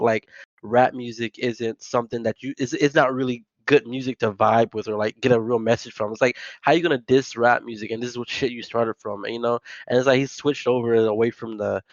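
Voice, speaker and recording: A man's voice: mid-range voice, no room sound, lo-fi sound. A man hosting a casual podcast chat, rambling and packing his talk with filler words. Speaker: podcast host.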